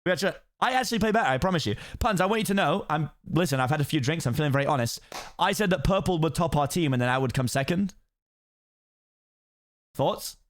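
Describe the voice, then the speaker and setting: A man's voice: fairly high pitch, animated, fast. Tipsy British man rambling on stream. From Britain. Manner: rambling, giggly. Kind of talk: casual chat on a live stream.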